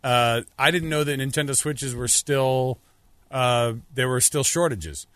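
A man's voice: medium pitch, measured pace, fairly bright tone, dry recording. Rambling male radio co-host. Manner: rambling storyteller with many restarts. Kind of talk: casual radio chat.

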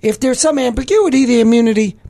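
A man, a law professor guest on a radio show, explaining legal points in a measured way. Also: extremely high pitch, dark tone, no room sound.

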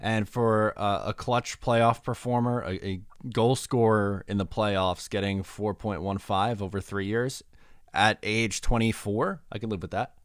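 A young man co-hosting a casual sports podcast, upbeat, moving briskly between chat and sponsor reads. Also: on the low side, steady tone, clean tone, no echo, studio quality. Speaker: podcast co-host.

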